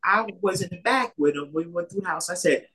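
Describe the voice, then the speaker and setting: A man with a husky, slightly rough voice tells a personal faith story in a loose, conversational way. He keeps repeating himself and acts out what others said as he goes. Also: high-pitched, a little fast, bright, forceful tone. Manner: rambling, repetitive retelling with many quoted exchanges. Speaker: storyteller sharing a faith testimony. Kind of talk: casual spoken testimony.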